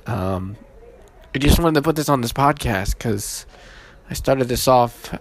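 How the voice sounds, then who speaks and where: A man hosting his own podcast, casual and halting, with many fillers and restarts, emotional and holding back tears. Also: medium pitch, expressive. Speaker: podcast host.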